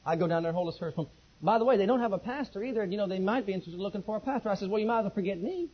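A male pastor preaching a sermon, telling his own testimony with lively storytelling and acting out the dialogue. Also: high-pitched, rapid-fire, husky. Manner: animated storytelling, acts out quoted dialogue. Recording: dull lo-fi recording.

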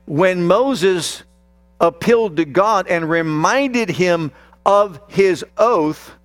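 A man's voice: high voice, fairly bright tone, no room sound, faint music behind. A man preaching a sermon, speaking emphatically and addressing the congregation directly. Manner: slow, emphatic, talks straight to the congregation.

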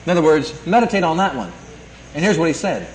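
A man's voice: a little high, big pitch swings, quick pace, a little mellow, slight background noise. A man preaching a sermon, quoting scripture and repeating key lines with emphasis. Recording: echoey room, 1982 tape.

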